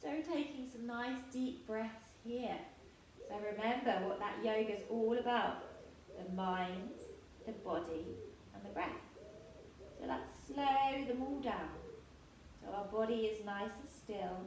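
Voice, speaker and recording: A woman in her thirties teaching yoga to children, giving gentle, playful, encouraging instructions. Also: a little high, slow pace. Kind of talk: guiding a kids' yoga class. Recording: echoey room, distant mic, faint noise.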